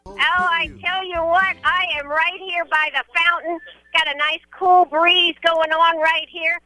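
A woman's voice: very high voice, fairly even intonation, a little slow, bright, forceful tone, no echo, soft background music, low-quality recording. A woman, hosting a live radio remote outdoors by a fountain, chatting folksily with people. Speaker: radio host.

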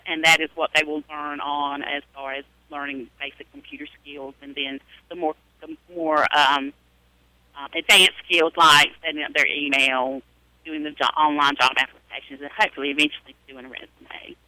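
A Southern-accented woman talks about her teaching work in a live radio interview, hesitating often with fillers. Her voice is very bright, and it sounds dry and close. She is recorded live at a public library. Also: sits low, level tone, moderate pace, no room sound, rough recording. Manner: chatty, many hesitations and fillers. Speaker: adult literacy and ESL teacher.

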